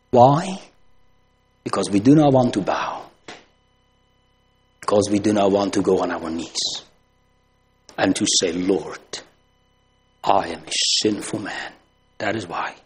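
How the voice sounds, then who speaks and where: A man preaching a sermon, asking rhetorical questions and swinging from loud emphasis to hushed tones. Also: lowish voice, slow, pauses often, a little hiss or hum.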